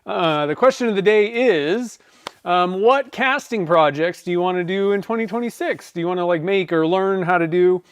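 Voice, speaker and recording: Chatty high-voiced man. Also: moderate pace, clean tone, dry recording. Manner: rambling, with many fillers and restarts. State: clearing a dry throat. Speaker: pen-turning livestream host. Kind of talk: casual livestream chat.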